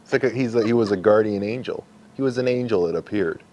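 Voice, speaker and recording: A young man with a very low voice hosts a podcast conversation. He chats casually and eagerly, encouraging his guest, and tells a story of his own in a relaxed way. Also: fast, highs cut off. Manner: eager, encouraging, frequent short backchannels. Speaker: podcast host.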